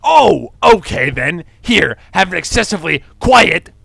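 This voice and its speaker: Gravelly, cutting young male troll, read by a man in a fan group reading, swearing and snapping, his voice swinging high and low. He sounds irritable and rude, like an amateur read-aloud. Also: very animated, unhurried, pushed and bright, no room sound, studio quality, full character voice. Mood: sarcastic. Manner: gruff, swearing, snapping at people.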